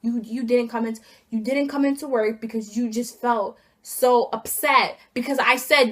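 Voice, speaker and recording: A young woman vlogger telling an indignant, animated story about being fired, acting out each side of the conversation. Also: fairly high pitch, moderate pace. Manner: indignant, animated retelling with acted quotes. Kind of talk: casual storytime rant.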